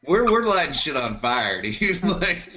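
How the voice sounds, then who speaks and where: A man's voice: a little high, sing-song, a little slow, crowd noise. A man co-hosting a casual podcast chat, laid-back and slangy, laughing often.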